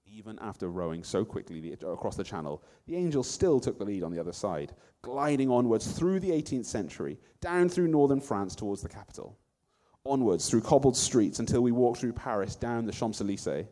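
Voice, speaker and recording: A man's voice: lowish voice, a little fast, big-room sound. Man narrating a story expressively. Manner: expressive, first-person storytelling.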